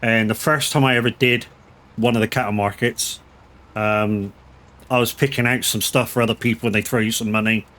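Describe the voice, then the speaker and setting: A middle-aged man streams a farming game, chatting casually in a fairly low, fairly even voice. His delivery is brisk with a sharp tone, and he tells rambling, anecdotal stories while swearing freely.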